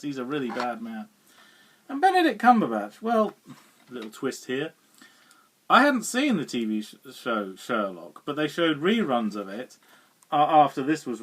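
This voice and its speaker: A man with a slightly higher than usual voice talks through a film review in a loose, rambling way. He chuckles often and trips over fillers and restarts. He sits a little way back from the mic, so the sound is distant. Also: very animated, measured pace, fairly bright tone, slightly rough. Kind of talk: casual spoken film review.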